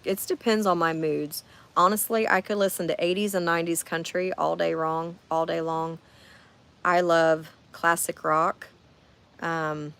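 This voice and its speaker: A woman's voice: low-pitched, fairly bright tone, clean tone. A woman, reading viewer comments and chatting on her livestream from a camping trip. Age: 40s. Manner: chatty, talks straight to viewers. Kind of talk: casual chat. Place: camper while on a camping trip.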